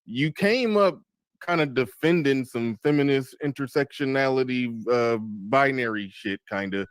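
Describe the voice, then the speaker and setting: A man's voice: mid-range voice, clear, resonant tone, dry recording. A man in a casual debate, stopping and restarting as he questions the others. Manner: halting, restarts often. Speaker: panelist.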